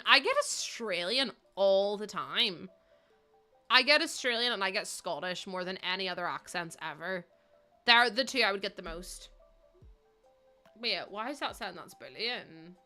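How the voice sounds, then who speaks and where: A woman's voice: mid-range voice, sharp tone. A young woman from Northern Ireland with a Northern Irish accent, chatting casually with viewers while building in a game on a livestream. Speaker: game streamer.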